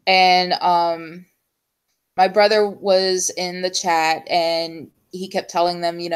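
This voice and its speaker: A young adult woman hosting a casual chat show, rambling and hesitant with many ums and pauses. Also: on the low side, little pitch movement, clean tone. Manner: chatty, full of ums and trailing pauses. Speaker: show host.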